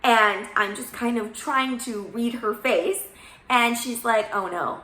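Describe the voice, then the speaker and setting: A young woman with a bright, ringing voice tells a story in a chatty, lively way, acting out the dialogue. Her voice sits a little high, and the room around her is echoey. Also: slow. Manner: chatty, animated retelling with quoted dialogue. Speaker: baker, channel host. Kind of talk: casual storytelling.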